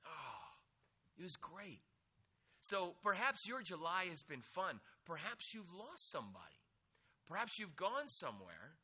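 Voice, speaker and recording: A middle-aged man giving a humorous sermon, telling lively stories with loose fillers and restarts. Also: sits high, unhurried, slightly rough. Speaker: pastor.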